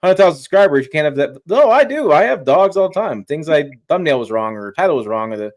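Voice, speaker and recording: A man's voice: a little high, very animated, fast. A man talking trucks as a journalist guest in a casual live-stream chat, emphatic and rambling, often restarting his sentences.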